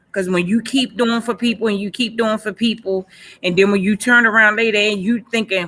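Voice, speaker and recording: A woman, sharing her own story in a panel talk. Her voice is bright and forward. She talks with earnest emphasis and circles back to the same phrases again and again. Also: mid-range voice, moderate pace. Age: 40s. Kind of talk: personal testimony in a panel session.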